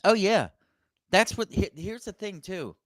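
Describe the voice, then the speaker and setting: A man hosts his wrestling podcast with casual, animated commentary, often asking "right?" and laughing along. His voice sits a bit high for a man. The recording is close and dry. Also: a little slow, no echo. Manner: animated, laughing, repeats "you know" and "right?". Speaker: podcast host, channel owner.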